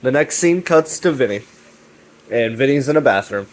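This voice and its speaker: A man's voice: medium pitch, lively intonation, normal speed, a little hiss or hum, poor audio. Profane, rambling male recapper. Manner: profane, filler-heavy, chummy. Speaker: channel host recapping a web series.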